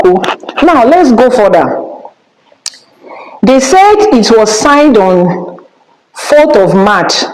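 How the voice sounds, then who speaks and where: A Nigerian woman with a Nigerian accent delivers a spiritual lecture at a middling pitch. She scolds and presses her points hard, switching between English and Yoruba phrases. The recording carries a roomy echo. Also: darkish tone. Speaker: Ifá priestess and teacher.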